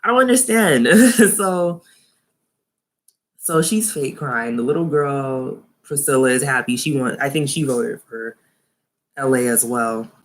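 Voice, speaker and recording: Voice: medium pitch, animated, unhurried. A young adult vlogger giving a live, casual review of a TV show, chatting and laughing often, with incredulous asides.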